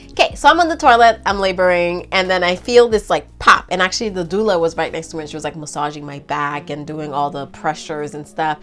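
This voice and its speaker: Woman, 30s, casual vlog storyteller, chatty and animated, mid-pitched voice, faint music bed. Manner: chatty, animated, addresses viewers as girl and y'all. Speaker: vlogger telling her birth story.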